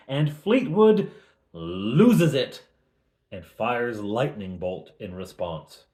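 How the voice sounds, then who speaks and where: A middle-aged man recapping a tabletop game as its game master, telling it in an animated way with chuckles. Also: on the high side, takes it slowly. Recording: roomy echo.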